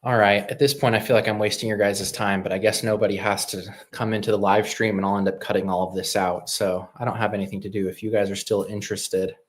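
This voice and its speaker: A man's voice: fairly low pitch, little pitch movement, quick pace, few pauses. A man hosting a live stream, talking casually in a rambling, opinionated way with lots of fillers and restarts.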